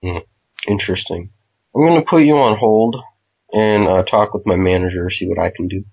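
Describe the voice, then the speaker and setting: A man prank calling as customer service, calm and mock-polite. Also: low-pitched, normal speed, breathy edge. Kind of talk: prank phone call. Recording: tinny phone line.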